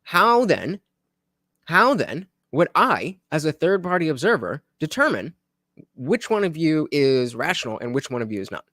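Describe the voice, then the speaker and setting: A man hosting a live stream, talking through a debate recording in a casual, halting way with lots of fillers and restarts. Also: fairly high pitch, very animated, sharp tone, no echo, studio quality. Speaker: streamer reviewing his own debate.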